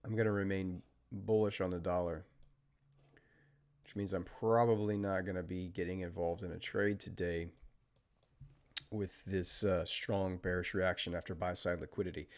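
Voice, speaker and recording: An American man hosting a live trading stream, chatting casually and talking through market moves, with fillers and trailing pauses. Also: deep voice. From United States. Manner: steady technical market commentary. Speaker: trading livestream host.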